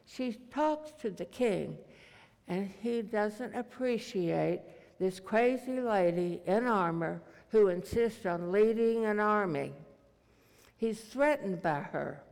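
A preacher delivering a sermon in a slow, deliberate cadence built on repetition. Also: mid-range voice, gravelly, a little mellow, long reverb tail.

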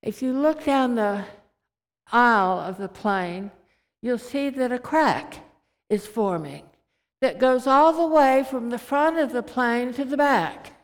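A woman telling of a calm airline captain. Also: fairly high pitch, slow. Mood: reassuring. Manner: soothing, steady announcements. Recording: reverberant hall.

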